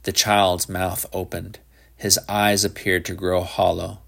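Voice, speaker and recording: A man narrating a literary story with a lowish voice and a slow, deliberate pace. His delivery stays measured and even throughout. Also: creaky. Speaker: audiobook narrator.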